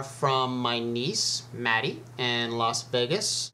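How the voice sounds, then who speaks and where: A man's voice: medium pitch, unhurried, hardly any pauses, sharp tone. A man hosting his own video, explaining snakes in a chatty, easygoing way with frequent ums and uhs. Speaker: snake educator and video host. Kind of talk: casual educational talk to camera.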